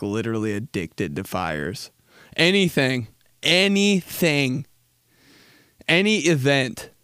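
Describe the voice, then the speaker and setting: A man's voice: medium pitch, fairly bright tone, clean tone, no echo, clean studio sound. Laughing, rambling male podcast host. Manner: rambling, laughing, casual and crude. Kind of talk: comedic storytelling chat.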